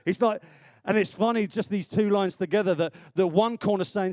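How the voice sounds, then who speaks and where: A man preaching a sermon in church, chatty and animated, laughing often. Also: high voice, normal speed, no room sound.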